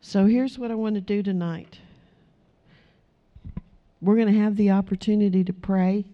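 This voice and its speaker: A woman's voice: medium pitch, fairly even intonation, moderate pace, muffled recording. A woman preaching an earnest sermon to her congregation, urging them and acting out short prayers as she speaks. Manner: earnest, exhorting, acts out quoted prayers.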